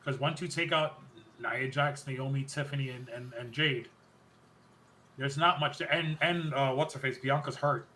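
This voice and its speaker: A man's voice: medium pitch, moderate pace. A man hosting a podcast, rambling through a wrestling recap and often correcting himself mid-sentence. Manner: rambling, self-correcting, excited recounting. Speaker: podcast host. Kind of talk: casual wrestling recap chat.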